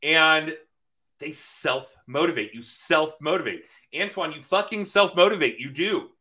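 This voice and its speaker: A man's voice: on the high side, expressive, measured pace, pushed and bright. A man hosting a podcast, talking frankly and swearing casually in loose chat. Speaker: podcast host.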